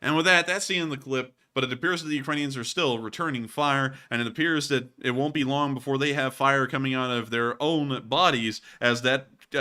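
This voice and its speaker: A man hosting a casual commentary show, talking over video clips. His voice is bright and forward, at an ordinary pitch. He rambles along and slips in sarcastic jokes. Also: smooth. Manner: jokey, rambling, sarcastic asides. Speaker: host of a war news commentary channel.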